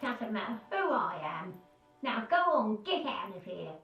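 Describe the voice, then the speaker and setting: A woman's voice: fairly high pitch, sing-song, measured pace, echoey room, lo-fi sound, faint music behind. An actress playing a wary elderly woman in a video game, curt and dismissive. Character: wary elderly woman refusing to open her door.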